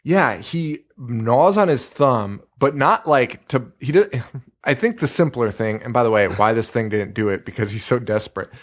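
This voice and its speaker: A man at an ordinary middle pitch, co-hosting a podcast in a loose, chatty way. He talks with animated energy, swears freely, and laughs easily as he recaps a movie scene by scene. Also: moderate pace. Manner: profane, laughing, animated banter. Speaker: podcast co-host. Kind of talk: casual movie recap chat.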